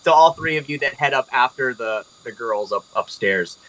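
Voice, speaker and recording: A man's voice: medium pitch, animated, moderate pace, fairly bright tone, low-quality recording. A man narrating a tabletop game as game master, casual and loose, with frequent fillers. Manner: casual, laughing, filler-heavy.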